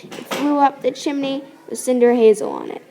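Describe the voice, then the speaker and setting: A woman reading a children's story aloud with expressive, playful narration and sound effects. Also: high-pitched, moderate pace, gravelly, a little hiss or hum. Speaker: storybook reader.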